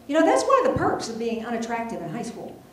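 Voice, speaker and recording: Speaking quickly in a slightly high voice whose pitch swoops wildly, a middle-aged woman shares a funny personal tale onstage to an audience. She's chatty, pokes fun at herself, and wanders into many asides. The very echoey hall recording carries slight hiss or hum.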